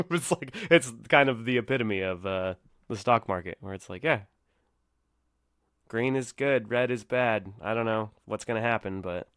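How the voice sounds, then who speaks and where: Solo podcast host, 30s male, lowish smooth voice, loose rambling delivery, frequent laughter, dry close sound. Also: moderate pace, fairly bright tone, dry recording. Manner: rambling, laughs often, self-mocking. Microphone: headset or desk mic.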